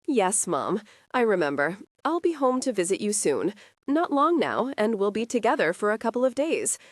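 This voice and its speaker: A woman's voice: mid-range voice, big pitch swings, normal speed, dry recording, studio quality. A woman reading a shaken young female agent. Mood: patient.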